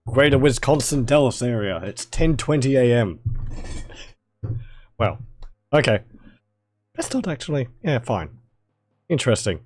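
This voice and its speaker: A man with a mild Australian accent and a hoarse, fading voice, chatting casually to viewers while streaming a video game. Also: medium pitch, big pitch swings, unhurried, long pauses, darkish tone, dry recording. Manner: chatty, rambling, talks to chat viewers.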